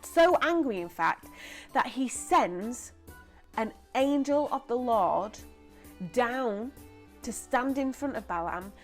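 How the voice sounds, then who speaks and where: A young woman presenting a lively children's church story, chatty and animated. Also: fairly high pitch, slow pace, faint music behind. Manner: animated, chatty, acts out voices.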